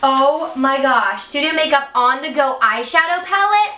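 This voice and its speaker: A woman's voice: high-pitched, lively intonation, a little slow, few pauses, bright, forceful tone. A young woman beauty vlogger chatting through an unboxing, gushing and gasping with breathless enthusiasm. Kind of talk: excited unboxing chat. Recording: echoey room, mic at a distance, faint hiss.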